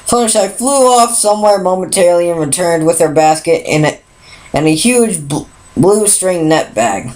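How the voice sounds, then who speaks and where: A woman's voice: on the low side, lively intonation, moderate pace, a little mellow, rough recording. A woman reading a pony fan story aloud, unpolished, stumbling and restarting often. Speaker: fan fiction reader.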